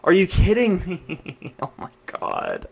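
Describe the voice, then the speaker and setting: A young man sits at his game and rants at it, his voice sitting a little high and swinging widely in pitch. He jumps from loud outbursts to low, fed-up muttering as he comments on his play. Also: huge pitch swings, slow pace, vocal fry, slightly rough. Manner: frustrated ranting, swings between yelling and muttering. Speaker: gaming YouTuber. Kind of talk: live gameplay commentary.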